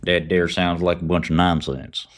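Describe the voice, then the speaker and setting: Low-pitched guy streaming, blunt and offhand, trading talk. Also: fairly even intonation, normal speed. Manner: blunt, offhand, advice-giving. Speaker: livestream host and trader. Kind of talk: casual livestream chat.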